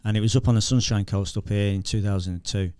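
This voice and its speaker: Here the same kind of guest, a middle-aged man from the North of England who used to handle explosive detection dogs, talks fast in a fairly low, mellowish voice with fairly even intonation. He's chatty in this casual podcast interview, laughing as he tells stories and frequently starting over, on a dry recording.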